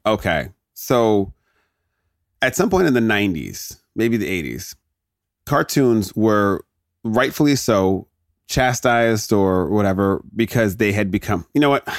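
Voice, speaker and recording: A man's voice: on the low side, dry recording, studio quality. A man in his thirties hosting a podcast, ranting casually and jokily, often interrupting himself. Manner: rambling, jokey, self-interrupting. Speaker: podcast host. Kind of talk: casual solo rant.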